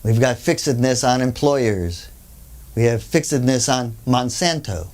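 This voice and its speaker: Unhurried and medium-pitched, a workshop speaker spins an anecdote full of side comments and impersonated voices. Their manner is that of an animated storyteller, and the talk is a conversational storytelling lecture.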